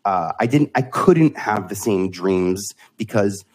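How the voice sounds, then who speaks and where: Cast: man, forties, slightly low husky voice, candid guest who laughs easily. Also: animated, slow, a little mellow. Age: 40s. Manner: candid, laughs often, restarts phrases. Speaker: podcast guest. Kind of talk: casual conversation.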